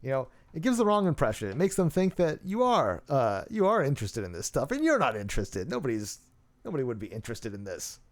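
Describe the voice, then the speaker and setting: A man's voice: mid-range voice, wildly swooping pitch, fast talker. A man hosting, reading messages aloud with dry, sarcastic, mock-serious commentary. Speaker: host.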